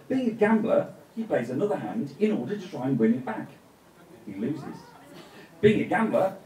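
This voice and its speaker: A man's voice: mid-range voice, dark tone. A man telling a tale live on a festival stage, playful, with joking asides, heard from a distant mic in a roomy venue. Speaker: storyteller. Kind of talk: live storytelling performance.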